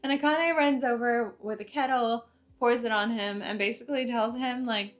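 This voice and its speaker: A woman's voice: on the high side, normal speed. Chatty young woman recapping anime. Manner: chatty, uses many fillers like "like" and "uh". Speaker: anime reviewer. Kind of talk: casual recap of an episode.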